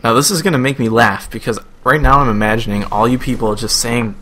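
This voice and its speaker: A man's voice: medium pitch, brisk, pushed and bright. A young man with a Buffalo, New York accent giving casual, rambling video game commentary in a chatty, self-amused way. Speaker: gameplay commentator.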